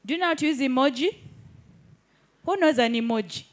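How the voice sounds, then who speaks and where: A woman's voice: sits high, animated, brisk. A woman teaching a live hands-on workshop in an indoor training room, keeps checking that the group follows. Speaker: digital skills trainer.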